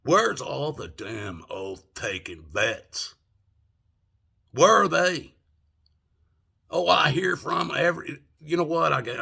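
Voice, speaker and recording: A man's voice: on the low side, creaky, pushed and bright, breathy edge. An older man ranting angrily from home, profane and indignant, firing off rhetorical questions. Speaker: vlogger. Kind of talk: angry political rant.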